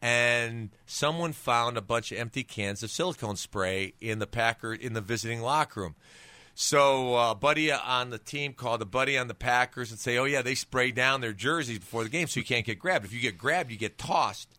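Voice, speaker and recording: Interview guest, male former athlete; bright, animated storyteller; dry close studio sound. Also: medium pitch, moderate pace, no room sound. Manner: animated storyteller with many restarts. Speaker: guest, former pro football player and author.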